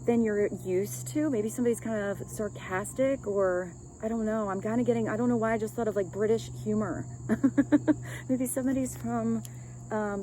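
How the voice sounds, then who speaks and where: A woman's voice: on the high side, background noise. A woman giving a casual, rambling love reading as a tarot reader, chatting with light laughs.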